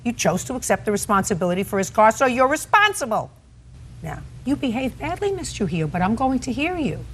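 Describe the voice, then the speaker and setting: A woman's voice: on the high side, sing-song, fairly quick, a little hiss or hum. A woman judge questioning people in a courtroom, stern and cutting, often interrupting.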